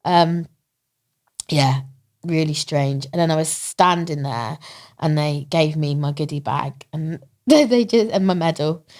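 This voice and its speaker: A lower-voiced woman from England tells her story as a podcast guest. She speaks with lively feeling and laughs often. She acts out the voices of the people in her story. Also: unhurried. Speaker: interview guest, marathon runner. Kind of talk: emotional storytelling in a podcast interview.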